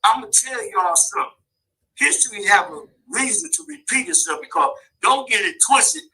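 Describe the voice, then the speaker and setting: A man's voice: high voice, animated, moderate pace, pushed and bright, husky, rough recording. A man calling in to a talk show, talking at length in a rambling, emphatic way and laughing often. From local to the show's city. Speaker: caller. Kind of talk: animated call-in talk. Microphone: phone line.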